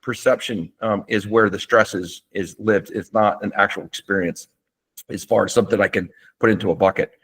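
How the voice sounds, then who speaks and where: A man, a doctor, explaining breathing and relaxation techniques in a relaxed webinar lecture, with fillers and restarts, seated at a desk. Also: on the low side, normal speed, husky.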